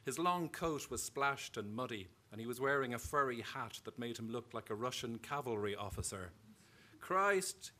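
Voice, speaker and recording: A man with an Irish accent, an author reading his own fiction aloud at a live event in a measured storytelling way. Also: medium pitch, bright, forceful tone.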